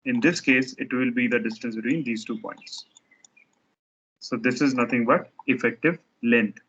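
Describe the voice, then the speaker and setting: A man's voice: medium pitch, moderate pace, fairly bright tone, slightly rough, highs cut off. A man teaching a structures lecture, explaining step by step while he sketches diagrams, often restarting his sentences.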